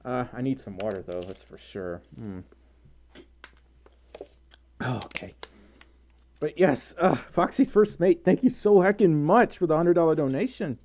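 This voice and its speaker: A flustered live streamer reads out donations in unhurried, mellow tones, often breaking into giggles. The voice swoops up and down a lot. The speaker rambles and keeps running themselves down. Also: mid-range voice, animated, a little hiss or hum. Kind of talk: casual live-stream chat, reading donations.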